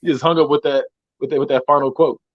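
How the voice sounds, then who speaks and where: This fast-talking co-host has a fairly high voice and fairly even intonation, laughing a lot as he swaps profane, offhand work anecdotes. It's a dry recording with dull, lo-fi quality.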